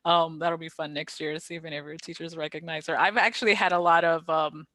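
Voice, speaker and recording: A woman's voice: low-pitched, fairly even intonation, fast, a bit bright, no room sound. A woman guest actor chatting casually in an interview, laughing often and acting out what people said. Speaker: guest actress.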